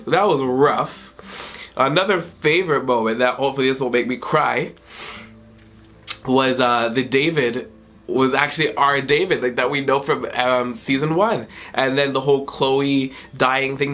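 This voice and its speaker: A young man in his twenties talks through a game he just finished, his voice tearful and worn. He speaks in halting bursts, trailing off and starting over as he tries to collect himself. It sounds like a casual home vlog in a dim room. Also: medium pitch, fairly bright tone. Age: 20s. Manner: emotional, halting, trailing off and restarting. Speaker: gaming YouTuber. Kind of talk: emotional video game review vlog.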